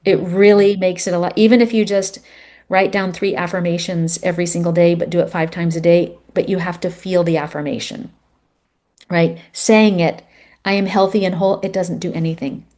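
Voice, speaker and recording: A middle-aged woman guest on a podcast, telling a personal story in an earnest, animated way with plenty of fillers. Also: on the low side, normal speed. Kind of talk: storytelling in conversation.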